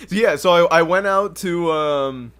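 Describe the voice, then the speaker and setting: A young man hosting a podcast alone, telling a story in an animated, profane way and laughing often. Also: fairly high pitch, a little slow, clean tone. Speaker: podcast host. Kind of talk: casual storytelling. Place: home livestream setup.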